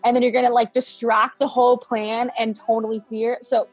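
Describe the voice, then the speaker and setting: A woman's voice: a little high, flat delivery, normal speed, slightly rough, dry recording, soft background music. A woman in her twenties, a guest in a faith interview, chatting casually and peppering her speech with "like" and "um". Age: 20s. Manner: chatty, frequent "like" and "um".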